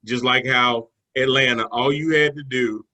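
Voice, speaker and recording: Bright-voiced man talking football. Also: medium pitch, fairly even intonation, moderate pace, poor audio. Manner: conversational, loose with fillers and restarts. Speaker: sports talk show co-host. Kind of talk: casual sports analysis chat.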